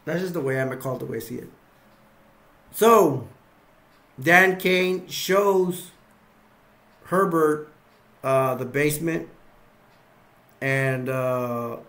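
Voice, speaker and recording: A man's voice: on the high side, slow pace, long pauses, a bit bright. A man casually recapping a film's scenes, rambling and repeating himself as he acts bits out. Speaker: movie reviewer.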